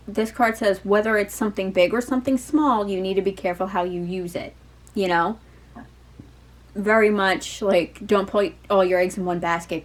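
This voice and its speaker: Woman, tarot reader, casual and digressive, lots of "um" and "like", mid-pitched voice. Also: rough recording. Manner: rambling, digressive, peppered with fillers and swearing. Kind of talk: casual chatty tarot reading.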